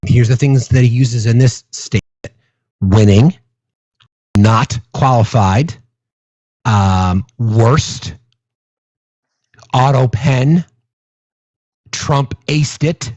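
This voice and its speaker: A man's voice: medium pitch, slow pace, long pauses, a little mellow, no room sound. A man hosting a political commentary show, reacting with disbelief and reading statements aloud with asides. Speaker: host.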